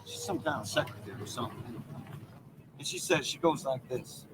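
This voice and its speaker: A man's voice: mid-range voice, huge pitch swings, fairly quick. An actor playing a crude, cocky man with a Southern accent in a film, drawling and boastful. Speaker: movie character. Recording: film audio with noisy background.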